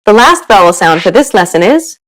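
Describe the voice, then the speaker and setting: A woman's voice: medium pitch, very animated, a little fast, low-quality recording. A woman giving scripted narration for a pronunciation lesson, upbeat and encouraging.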